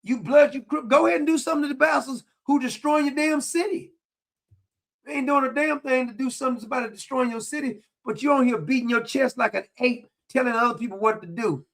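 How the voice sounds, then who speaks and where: A man's voice: very high voice, fast talker, creaky, fairly bright tone. A man delivering a heated commentary rant, combative and taunting, repeating his points and swearing freely. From New York, USA. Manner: combative, repetitive, taunting, profane. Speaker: online commentator.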